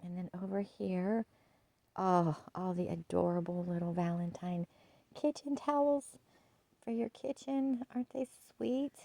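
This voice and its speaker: A woman chatting casually through a home decor haul, gushing and soft-spoken, often dropping to a hush. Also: lowish voice, measured pace, vocal fry, no room sound, low-quality recording. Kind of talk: casual shopping haul chat.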